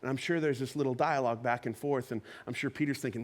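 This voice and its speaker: A man preaching a conversational sermon, telling a Bible story with lively acted-out quotes. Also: mid-range voice, quick pace, few pauses. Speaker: pastor. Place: church auditorium.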